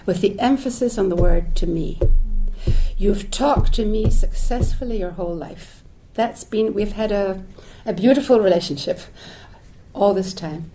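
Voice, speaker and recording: A woman's voice: mid-range voice, moderate pace, dark tone. A woman giving a reflective public lecture, thinking aloud with restarts and asides, dropping Hebrew phrases into her talk. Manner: thoughtful, searching, with restarts and asides. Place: lecture hall.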